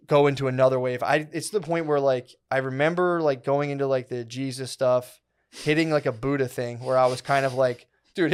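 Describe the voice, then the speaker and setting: Man, 30s, podcast co-host, rambling casual storytelling, lots of "dude". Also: medium pitch. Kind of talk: casual chat.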